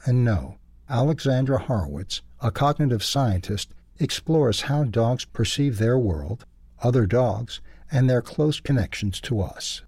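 A man reading a book review and then a children's story in a steady, measured way. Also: mid-range voice, slightly rough, dry recording. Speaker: reader.

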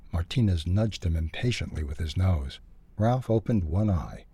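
A man reading a children's storybook aloud, expressive and lively. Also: deep voice, husky, no echo.

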